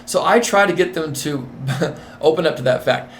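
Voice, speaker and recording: A man being interviewed as a nurse manager and executive coach, talking in an emphatic, repetitive, animated way. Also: on the high side, normal speed, a little hiss or hum.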